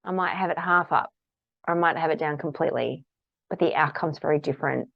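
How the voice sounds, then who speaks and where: A woman's voice: sits low, a little fast, gravelly, dry recording, dull audio. A woman practitioner giving a casual, candid talk about tapping, acting out the phrases she repeats aloud while tapping.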